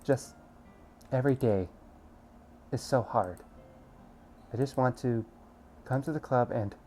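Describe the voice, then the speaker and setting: Bratty teen girl voiced by a man, shrill, squeaky, high-pitched, visual novel. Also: big pitch swings, moderate pace, faint music behind. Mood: quiet tearful.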